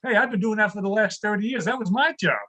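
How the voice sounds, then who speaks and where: An older man performs a stand-up comedy set over a video call, his voice sitting high. He lands deadpan one-liners about home life, each building to a punchline. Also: fast, rough recording.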